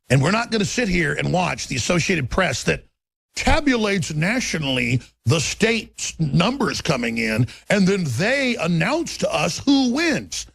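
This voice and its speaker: A man's voice: a little high, gravelly, a bit bright, breathy edge, no room sound. A middle-aged man hosting a talk show, ranting in heated political commentary with intense repetition.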